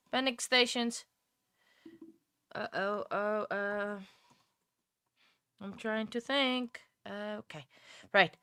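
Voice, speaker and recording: A woman's voice: mid-range voice, steady tone, extremely slow, pauses often, bright, forceful tone, smooth, no room sound, clean studio sound. A woman hosting a live stream, talking casually and thinking aloud with many fillers and restarts. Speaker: livestream host.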